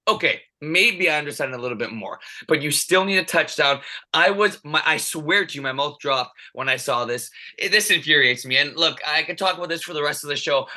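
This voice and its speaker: Man, sports podcast co-host, very bright voice, higher pitch, heated emphatic ranting. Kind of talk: casual sports talk.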